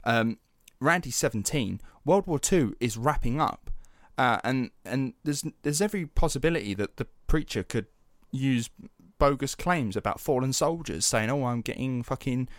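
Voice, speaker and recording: A man in his young adult years spins a story for a podcast, animated and loose, peppering it with swearing and "like"s. His voice sits at an ordinary middle pitch. It is recorded close and dry, with no room sound. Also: normal speed, hardly any pauses, no echo. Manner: animated, swears freely, many fillers. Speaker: podcast host. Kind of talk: casual storytelling chat.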